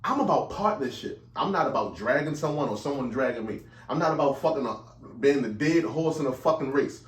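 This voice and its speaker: A man co-hosting a podcast in loud, profane casual chat, laughing often. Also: medium pitch, lively intonation, fairly quick, echoey room. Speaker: podcast co-host.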